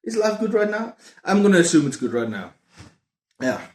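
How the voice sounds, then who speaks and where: A man's voice: high-pitched, very animated, moderate pace, darkish tone. A man talks casually to camera as a book vlogger, rambling through jokey asides and tangents. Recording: roomy echoing room.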